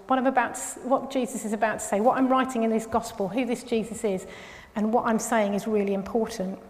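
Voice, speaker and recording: A woman preaching a sermon, talking conversationally with restarts and pressing hard on key phrases. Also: fairly high pitch. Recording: long reverb of a large hall.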